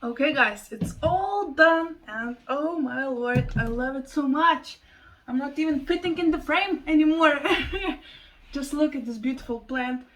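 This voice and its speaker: A woman chatting excitedly in a casual home plant vlog, gushing over her plants and thanking viewers. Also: high-pitched, recorded from a distance, poor audio. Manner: gushing, excitable, breaks into laughs. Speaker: plant vlogger. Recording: voice a bit off-mic.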